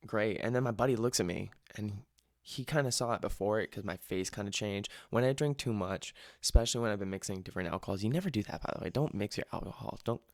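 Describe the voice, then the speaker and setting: A man's voice: fairly low pitch, fast, no room sound, studio quality. A young man hosting a podcast from home, rambling and swearing freely as he tells a comic party story. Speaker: podcast host. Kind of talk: comedic storytelling. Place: home room.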